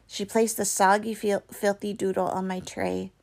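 A woman reading a novel aloud, expressive, with small slips and restarts. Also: medium pitch, moderate pace, vocal fry. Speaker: reader.

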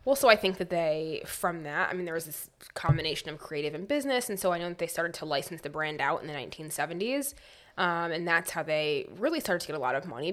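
A woman with a somewhat low voice talks through a story in relaxed podcast chat, dropping in dry, wry asides as she goes. Her delivery is loose and conversational. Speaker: podcast co-host.

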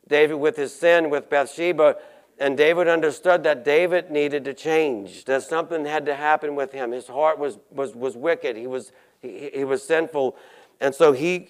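Male pastor, earnest sermon delivery with halting restarts; slightly higher pitch, smooth resonant tone.

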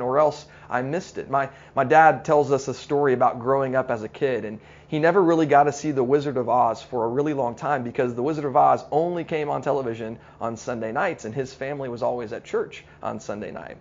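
A middle-aged man preaching a sermon, earnest and story-driven, slowing down to stress his points. His voice has a gravelly edge, and the recording sounds slightly dull. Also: mid-range voice. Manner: storytelling, earnest, slows down for emphasis. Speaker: pastor.

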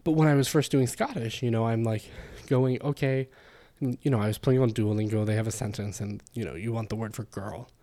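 A man talks through his ideas on a solo podcast in a mellow, warm voice. He explains things casually and loosely, with plenty of fillers and little asides. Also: medium pitch, steady tone, brisk. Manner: chatty and explanatory, with frequent fillers. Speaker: podcast host. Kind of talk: casual spoken podcast monologue.

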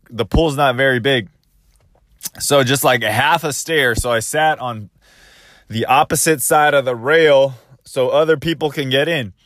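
A man's voice: mid-range voice, fairly bright tone, no echo, clean studio sound. A man casually telling a first-person story, rambling and restarting as he quotes his own thoughts.

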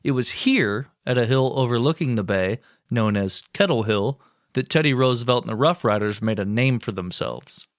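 A man co-hosting a podcast, reading a history story aloud with wry, deadpan asides. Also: mid-range voice, normal speed, no room sound, studio quality. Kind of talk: reading history narration with jokes.

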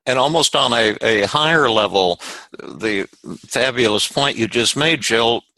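A man's voice: mid-range voice, expressive, unhurried, sharp tone, no room sound, low-quality recording. A man hosting a podcast and teaching communication, thinking aloud and often repeating words as he explains with everyday examples. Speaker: podcast host and therapist trainer.

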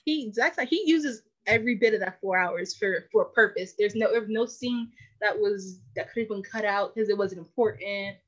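A woman's voice: mid-range voice, moderate pace, few pauses, fairly bright tone. Woman musing on a dull lo-fi mic. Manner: thoughtful, hesitant, restarts often. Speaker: podcast co-host. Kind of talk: casual chat.

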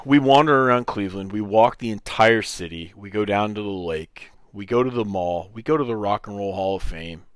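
A man in his thirties hosting a podcast, telling a long personal story in a casual, animated way and acting out the other people's lines. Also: fairly low pitch, clear, resonant tone, no echo, studio quality. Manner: animated storyteller who acts out quoted voices, swears freely. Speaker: podcast host.

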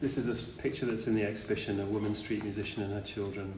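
A man hosts a public conversation at a gallery event and introduces the pictures one by one. His voice is warm and mellow. He sounds distant in a strongly echoing hall with faint room noise behind. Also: on the low side, little pitch movement, quick pace. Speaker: host, gallery director. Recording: echoey hall, voice from far off.

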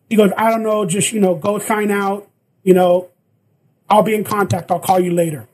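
A man's voice: sits high, fairly quick, breathy edge, rough recording. A man telling a story in casual chat, acting out the lines of the people in it. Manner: animated, acts out quoted lines. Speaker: guest actor.

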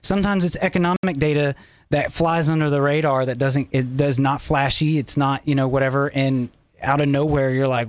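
Animated man explaining finance. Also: fairly high pitch, brisk, dry recording. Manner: animated, rambling, full of fillers. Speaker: finance guest. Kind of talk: casual chat.

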